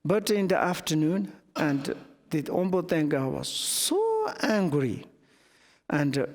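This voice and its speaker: A male Buddhist teacher tells a teaching story in halting English full of restarts. His voice sits a little high. The sound rings with a long reverb, as in a big hall. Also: very animated. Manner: halting non-native English, many restarts. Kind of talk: dharma teaching told as a story.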